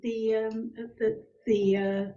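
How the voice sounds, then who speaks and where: A woman on a council committee talking haltingly in a meeting discussion. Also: fairly high pitch, little pitch movement, dark tone. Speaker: committee member. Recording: dull, muffled audio.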